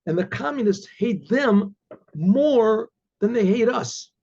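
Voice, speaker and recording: A man doing a gruff, shrewd old Cossack. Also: high voice, expressive, takes it slowly, a little mellow, dull audio, voice pushed up, exaggerated voice. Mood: persuasive. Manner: scolding, persuasive.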